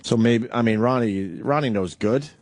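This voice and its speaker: A man's voice: medium pitch, normal speed, darkish tone, dry recording. A man hosting a radio show in casual chat, easygoing and steering the talk. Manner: laid-back, steering the talk. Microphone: studio microphone.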